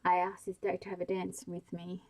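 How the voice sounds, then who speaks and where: A hurt, stubborn young man answers in short, guarded words, as a woman reading a bedtime story voices him. The voice is low and dark, with a slight rasp. It stays flat and even. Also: normal speed, poor audio. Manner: quiet, guarded.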